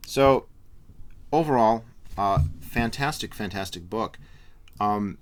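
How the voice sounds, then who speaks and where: A man's voice: lowish voice, lively intonation, takes it slowly, slight background noise. A man giving a casual spoken book review, rambling with frequent fillers and restarts.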